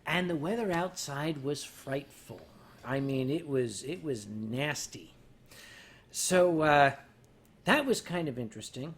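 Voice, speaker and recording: An older man hosting a livestream, rambling through stories to his chat while drinking, mocking himself and turning loud on the punchlines. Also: a little high, animated, slow pace. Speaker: livestream host. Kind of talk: casual storytelling to a chat.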